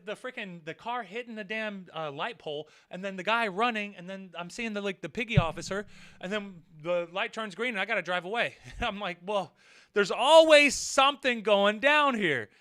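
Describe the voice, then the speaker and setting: A man telling a story in a casual vlog, animated and full of profanity. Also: high-pitched. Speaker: vlogger.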